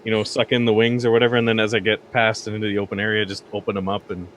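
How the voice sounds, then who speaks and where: A man's voice: lowish voice, level tone, racing, noisy background. A man playing at a tabletop game, chatting casually and explaining his plans at length. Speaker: player.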